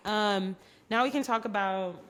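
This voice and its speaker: A woman's voice: medium pitch, a little slow, fairly bright tone. A young woman co-hosting a podcast, chatting frankly and giving her opinions. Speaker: podcast co-host. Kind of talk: casual chat.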